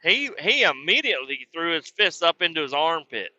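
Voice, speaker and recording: A man telling crude, excitable stories on his podcast, acting out both sides of arguments. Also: fairly high pitch, moderate pace, no room sound, lo-fi sound. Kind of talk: casual storytelling.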